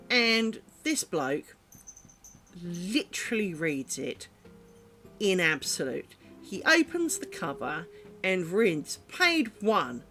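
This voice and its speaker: A woman streaming her lace-making, chatting casually and rambling, with the odd swear word. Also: mid-range voice. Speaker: craft streamer.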